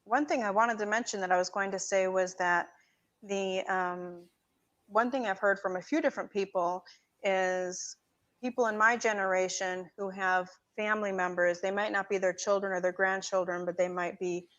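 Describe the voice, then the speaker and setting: A woman guest in a casual conversation who rambles, restarts her sentences and grows animated when she makes a point. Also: medium pitch, normal speed. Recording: dull lo-fi audio.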